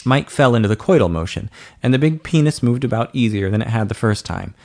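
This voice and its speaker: A man reading a story aloud in a steady, even narration. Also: mid-range voice, a little fast. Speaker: audiobook narrator. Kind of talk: scripted narration.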